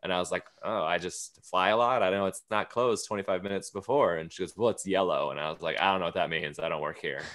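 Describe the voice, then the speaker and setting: A man with a low, bright, forceful voice spins a comic anecdote on a podcast. He talks casually and slips into quick impressions of the people he met along the way. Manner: storytelling, acts out quoted lines. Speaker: guest comedian.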